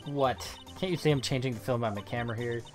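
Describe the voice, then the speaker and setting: A man voicing a brash, loud Southern woman photographer with an exaggerated drawl. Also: mid-range voice, fast, soft background music, natural voice. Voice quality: exaggerated drawl, folksy talk.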